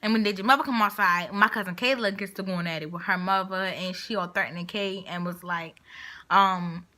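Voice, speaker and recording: A young woman with a mid-range voice tells a storytime vlog at a slightly fast pace. Her talk is casual and slangy, and she animatedly acts out what each person in the story said.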